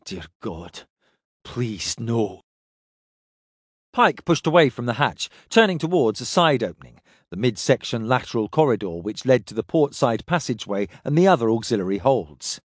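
A man reading a science fiction story aloud in steady, descriptive narration. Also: mid-range voice, brisk, dry recording, studio quality. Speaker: audiobook narrator.

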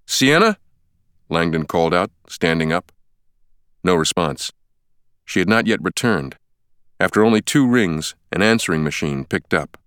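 Deep-voiced man, steady audiobook narration, dry close studio sound. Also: smooth, dry recording. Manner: measured, steady reading. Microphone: close studio mic.

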